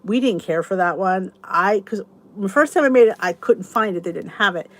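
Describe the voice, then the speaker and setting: A woman's voice: mid-range voice, normal speed. Chatty woman host rambling to viewers. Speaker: YouTube channel host. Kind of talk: casual chat to viewers.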